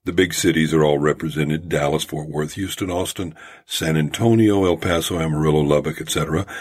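A man hosting his own storytelling podcast, talking in a measured, folksy way. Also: rumbling low, fairly even intonation, slightly rough. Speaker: podcast host. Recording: home-made podcast audio.

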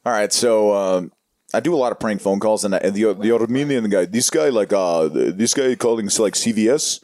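A man's voice: fairly low pitch, a little fast, darkish tone, no room sound. A young man from Los Angeles, a guest talking casually about pranks and acting in a laid-back, drawling way. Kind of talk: casual interview chat.

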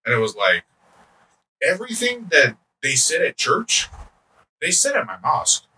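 A man co-hosting a casual podcast, telling stories in an animated, rambling way full of fillers. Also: a little high, moderate pace. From United States. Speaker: podcast co-host. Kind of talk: casual chat. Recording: distant mic, faint background noise.

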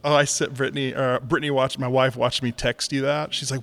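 A man's voice: mid-range voice, flat delivery, brisk, fairly bright tone. A man co-hosting a podcast in casual chat, easygoing and laughing often. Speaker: podcast co-host.

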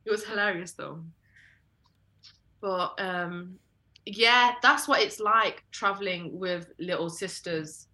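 A young woman tells travel stories on a podcast, in an animated and casual way with plenty of filler words. Her voice is bright and forceful. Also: on the low side, slow pace. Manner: animated, lots of "like" fillers, jumps into quoted voices. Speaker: podcast co-host. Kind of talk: casual storytelling chat.

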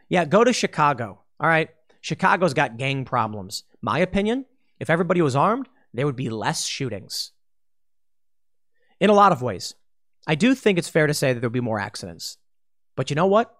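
A man's voice: fairly high pitch, a bit bright. A man hosting a political commentary monologue, blunt and argumentative, often acting out mocking voices. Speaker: host.

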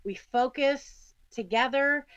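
A woman's voice: high-pitched, slow, a bit bright, clean tone, dry recording. Woman guest, earnest and emphatic, dull lo-fi recording, dry. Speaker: guest team member. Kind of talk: casual podcast chat. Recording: dull lo-fi sound.

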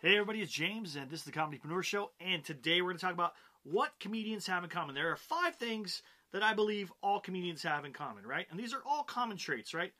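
A man's voice: high voice, sing-song, fast talker, few pauses, sharp tone, soft background music. A man hosting a show about comedy, talking to camera in a chatty, upbeat way with frequent "right?" and "you know" asides. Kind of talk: casual talking-head explainer.

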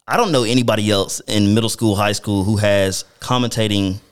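A man's voice: on the low side, brisk, clean tone. A man hosting a casual sports interview show, chatting easily with his guest and often calling him "man". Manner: friendly, calls the guest "man". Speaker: radio show host interviewing a student athlete.

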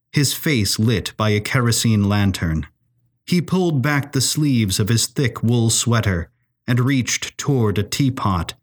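A man narrating a serialized mystery story in an expressive, measured way. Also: mid-range voice. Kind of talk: audio drama story narration.

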